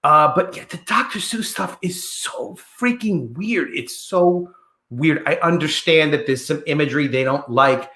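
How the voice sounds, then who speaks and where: A man's voice: a little high, a little slow, sharp tone, reverberant. A man hosting a casual livestream, greeting viewers in the chat by name and rambling from topic to topic. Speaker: livestream host.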